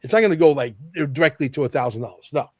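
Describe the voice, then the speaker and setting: A man's voice: mid-range voice, lively intonation, racing, a little mellow, no echo. A man as a podcast guest, talking emphatically and repeating key lines for effect. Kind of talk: podcast interview talk.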